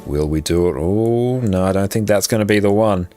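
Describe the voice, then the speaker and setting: A man's voice: lowish voice, normal speed, warm tone, faint music behind. An Australian man chatting casually on a live game stream, upbeat and laughing easily as he thanks viewers. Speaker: livestream gamer.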